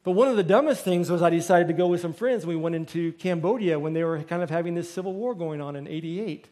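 Middle-aged pastor guy, kinda high voice, telling stories in his sermon, does the voices. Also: quick pace, mellow. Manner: storytelling, acts out quoted voices.

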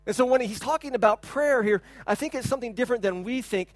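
A man in his thirties preaching a sermon as a pastor, talking in a loose conversational way with repeated words and sudden loud bursts when he imitates a child. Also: very high voice, fast, few pauses, no room sound. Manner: animated preaching, shouts to imitate a crying child. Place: church hall.

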